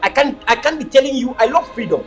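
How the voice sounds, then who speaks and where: A man's voice: very high voice, sing-song, quick pace, faint music behind, rough recording. A man with a Cameroonian English accent, talking casually to viewers as a motivational speaker, repeating words for emphasis and filming outdoors on a phone. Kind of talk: casual livestream talk to viewers. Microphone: phone camera he turns himself.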